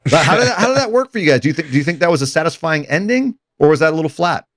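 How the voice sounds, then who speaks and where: A man leading a casual film discussion, animated and putting questions to the group. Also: a little high, rapid-fire, no room sound, studio quality.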